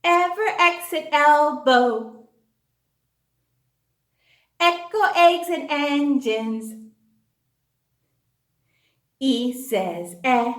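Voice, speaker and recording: A woman's voice: high-pitched, drawn-out words, long pauses, reverberant. A woman teaching a children's phonics lesson in an exaggerated, cheerful, sing-song way, with gasps of delight.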